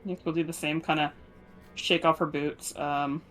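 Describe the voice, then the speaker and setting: A woman's voice: sits low, level tone, normal speed, a bit bright, soft background music. A woman playing in a tabletop game, speaking hesitantly with fillers. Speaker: player.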